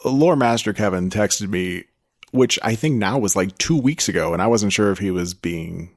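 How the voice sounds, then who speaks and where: A man co-hosts a podcast in casual chat, rambling, laughing and swearing freely. His fairly low voice is lively at a normal speed, recorded at studio quality with no room sound.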